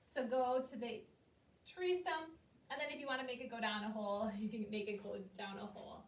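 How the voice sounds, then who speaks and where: A woman's voice: high-pitched, normal speed, far from the mic. Patient woman teacher in an echoey room. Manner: patient, step-by-step instructions to young children. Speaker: elementary school teacher. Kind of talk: recorded remote classroom lesson.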